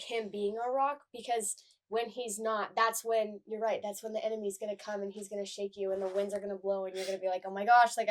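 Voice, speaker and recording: Chatty young woman on a podcast. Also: medium pitch. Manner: chatty, lots of "like", frequent agreeing murmurs. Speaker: podcast co-host. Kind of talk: casual faith podcast chat.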